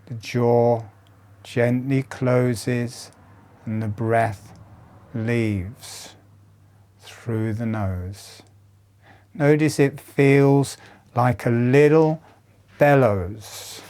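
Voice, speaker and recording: A man leading a guided breathing meditation, giving calm instructions softly with long pauses. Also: medium pitch.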